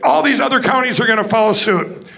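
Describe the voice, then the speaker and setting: Male speaker on a conference stage, gravelly tone, tells stories with lots of restarts. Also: very high-pitched, fast talker, sharp tone. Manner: rambling, restarts, acts out quoted dialogue. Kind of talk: storytelling talk to an audience.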